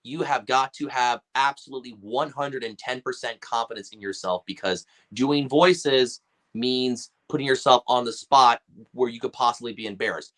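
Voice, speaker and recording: Bright-voiced man telling stories. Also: mid-range voice, moderate pace. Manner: animated, acts out quotes in voices. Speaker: podcast guest, voice actor. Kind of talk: casual storytelling chat.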